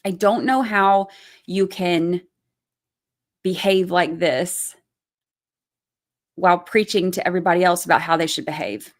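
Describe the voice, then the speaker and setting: A woman's voice: fairly low pitch, unhurried, long pauses. A woman in her thirties hosting a true crime livestream, talking casually and bluntly, swearing freely and reading out chat messages as she goes. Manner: reads chat names aloud and answers them.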